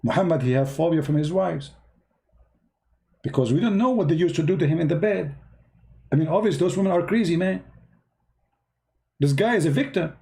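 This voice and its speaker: Sarcastic man with halting non-native English. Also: on the high side, animated, creaky, mellow. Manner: sarcastic, mocking, talks directly to viewers. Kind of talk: casual commentary to viewers.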